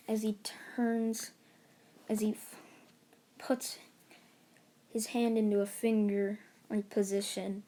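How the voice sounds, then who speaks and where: A woman's voice: mid-range voice, mellow, a little hiss or hum. A woman casually narrating a made-up fan story as the channel host, rambling with many fillers and restarts.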